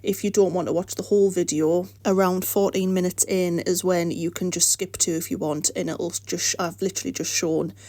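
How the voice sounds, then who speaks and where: In her home art studio, a woman hosting an art vlog chats in a dry recording with a dark, lowish voice, fairly even intonation, normal speed, and barely any pauses. Though the flu is setting in and her voice is fading, she keeps her rambling voice-over warm and encouraging.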